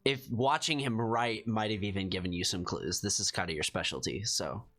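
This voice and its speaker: A man's voice: on the low side, moderate pace, a bit bright. A man narrating as game master in a casual, filler-heavy way.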